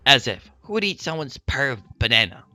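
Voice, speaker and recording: A man voicing a cold, sharp-tongued young woman scientist in a game read-aloud, with curt, scornful retorts. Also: mid-range voice, sing-song, normal speed, dry recording, faint music behind.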